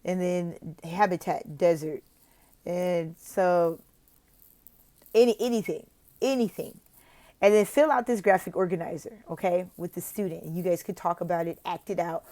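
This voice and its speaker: A woman from the United States explaining how to teach online English lessons, switching between casual advice and slow, exaggerated teacher talk. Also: fairly low pitch, steady tone, dark tone. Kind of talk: instructional vlog with role-played teaching examples.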